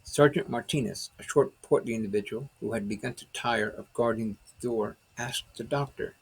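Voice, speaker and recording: A man narrating his own novel as an audiobook, in steady dramatic storytelling. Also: medium pitch, moderate pace, vocal fry, hardly any pauses, breathy edge, poor audio.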